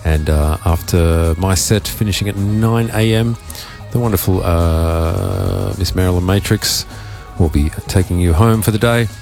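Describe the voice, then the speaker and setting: A man with an Australian accent hosting a live dance radio show, rambling loosely with plenty of fillers and a croaky voice. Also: low-pitched, a little slow, few pauses, a little mellow, soft background music. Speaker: radio host and DJ. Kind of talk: casual live radio talk. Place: radio studio.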